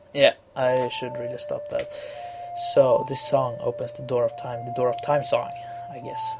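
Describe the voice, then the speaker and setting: Slow, rambling male gamer over game music. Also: medium pitch, flat delivery. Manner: rambling, mumbled asides, crude jokes. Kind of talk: casual let's play commentary. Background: video game music.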